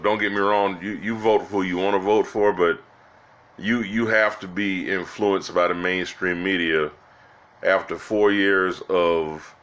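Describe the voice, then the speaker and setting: Deep-voiced guy venting about politics on his channel, rambly, keeps restarting. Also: a bit bright, highs cut off. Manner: rambling, exasperated, with frequent restarts; addresses viewers as "guys" and "y'all". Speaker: political vlogger. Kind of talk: casual political commentary.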